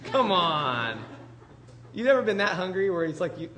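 A man preaching a conversational sermon in an animated, chatty way, full of asides to the congregation. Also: high voice, moderate pace.

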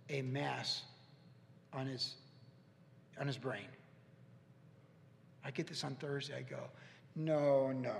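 A man's voice: medium pitch, creaky, a bit bright, slight background noise. A man in his fifties, a pastor giving an earnest, storytelling sermon in a church. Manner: earnest, storytelling, pauses and restarts. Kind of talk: conversational sermon. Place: church sanctuary. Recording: echoey church hall.

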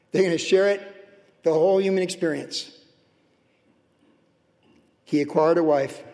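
A man preaching a sermon as pastor, swinging between loud, animated highs and hushed, tender lows. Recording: long reverb of a large hall.

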